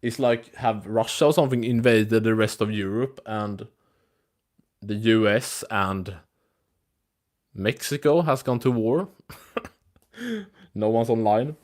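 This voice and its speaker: On a live MMA news stream, a man with a lowish, darkish voice talks slowly and pauses often. His casual delivery is loose, rambling and profane, full of restarts and fillers.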